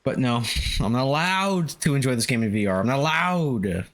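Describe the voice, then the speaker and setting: A man's voice: medium pitch, animated, moderate pace, fairly bright tone. A man casually commentating his game stream, swearing freely and laughing often.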